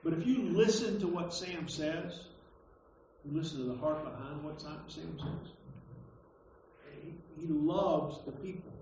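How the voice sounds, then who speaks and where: A pastor preaching a conversational sermon, stumbling over and repeating words, then landing emphatic points. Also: male voice, a little high, a little slow, darkish tone, recorded from a distance, slight background noise. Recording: echoey hall, dull lo-fi sound.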